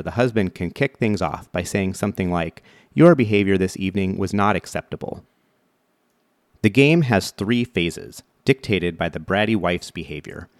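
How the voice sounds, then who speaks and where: Deep-voiced man reading instructions, dry. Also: no room sound. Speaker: instructional narrator. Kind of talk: scripted instructional narration.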